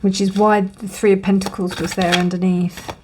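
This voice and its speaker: A woman reads tarot cards straight to her viewers in a relaxed, thinking-aloud way. She reassures as she goes, filling pauses with ums and you-knows and yawning now and then. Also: mid-range voice, slight background noise. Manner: musing, reassuring, thinks aloud with many fillers; yawns often during readings. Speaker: tarot reader. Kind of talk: casual tarot reading to camera.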